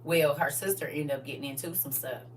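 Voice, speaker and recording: A woman's voice: low voice, brisk, distant mic, slight background noise. A woman host telling stories to a live audience in a casual, emphatic, slangy way. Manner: animated, emphatic, slangy storytelling. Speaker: livestream host.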